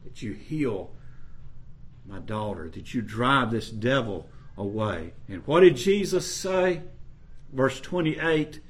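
A man preaching a sermon, reading scripture and explaining it in an earnest way that rises for emphasis. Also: medium pitch. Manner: slow, earnest, rising to emphasis on scripture quotes.

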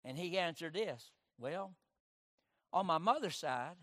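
High-voiced preaching man, dry sound. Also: lively intonation, unhurried, no room sound. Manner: preaching with call-and-response amens, swinging from loud to hushed. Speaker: pastor. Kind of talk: sermon.

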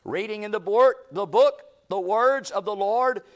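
A man preaching a revival sermon, swinging between loud shouting and hushed low lines. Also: normal speed.

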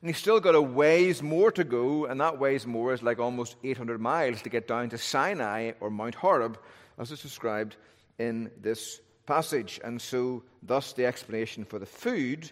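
A man's voice: medium pitch, moderate pace. A male pastor preaching an expository sermon in a thoughtful, conversational way, often posing rhetorical questions. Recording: long reverb of a large hall.

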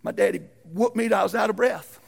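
Gravelly preacher man with a high voice. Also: fast. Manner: preaching with sudden loud shouted peaks and hushed drops; folksy, uses ain't and y'all. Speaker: pastor. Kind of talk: sermon.

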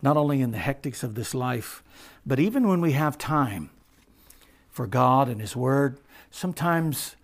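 Gravelly male preacher, mid-pitched, sermon that swings from hushed to loud. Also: expressive, unhurried.

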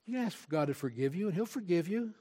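A pastor voicing a sly tempter spirit who coaxes in a hushed, wheedling whisper. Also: male voice, sits high, animated, fast, pitched above the performer's own voice. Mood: coaxing.

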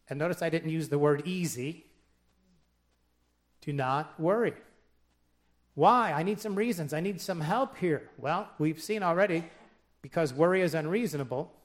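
A man preaching a sermon in a conversational way, dropping wry joking asides and reading scripture aloud with emphasis. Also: fairly high pitch. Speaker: pastor.

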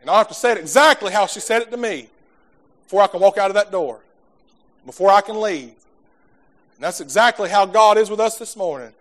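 A man's voice: sits high, lively intonation, a little fast, long pauses. A man preaching a sermon in a folksy, fervent way, stumbling over repeated words as he talks to his congregation. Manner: fervent preaching, swells from soft talk to shouting.

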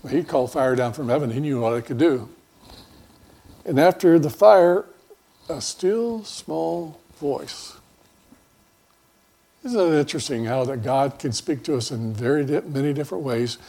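A man's voice: fairly high pitch, dark tone. A man pastor preaching a conversational sermon in a folksy, rambling way, with many fillers and restarts.

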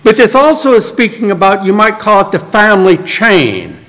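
A middle-aged male pastor preaching a sermon, telling stories earnestly and dropping to a soft, quiet voice for emphasis. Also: high voice, big pitch swings, moderate pace. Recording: long hall reverb.

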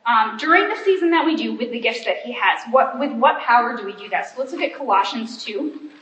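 Chatty high-voiced woman, pastor's wife. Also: lively intonation, fairly quick, a bit bright, slight background noise. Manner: chatty, self-deprecating, laughing often. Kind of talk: casual talk to a church women's group. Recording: roomy, distant, dull sound.

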